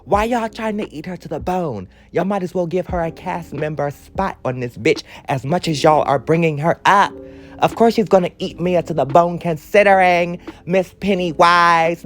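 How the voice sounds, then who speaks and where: A man's voice: a little high, moderate pace, a bit bright. Sassy, cussing man recapping reality TV. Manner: sassy, scattered, cusses freely, laughs often. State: out of breath. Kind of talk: casual, profane recap commentary.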